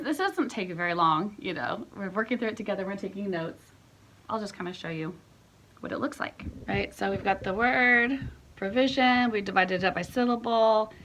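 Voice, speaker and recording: A woman's voice: medium pitch, fairly bright tone. A woman homeschool teacher explaining a lesson at home in a casual, chatty way, often checking in with the listener.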